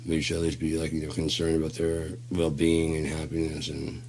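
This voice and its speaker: A man's voice: a bass voice, completely flat delivery, a little fast, gravelly, darkish tone, a little hiss or hum. A man rambling in a casual, profane monologue. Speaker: solo talker.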